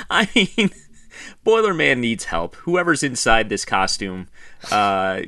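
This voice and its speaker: A man's voice: medium pitch, takes it slowly, dry recording. A man co-hosting a football podcast in casual chat, laughing often and joking. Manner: laughs often, jokey and animated. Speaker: podcast co-host.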